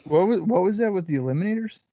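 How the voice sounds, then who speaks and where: A man's voice: sits high, animated, fast talker, lo-fi sound. A man co-hosting a podcast, breaking in with short questions and reactions. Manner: brief interjections and reactions. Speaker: podcast co-host. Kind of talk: casual podcast chat.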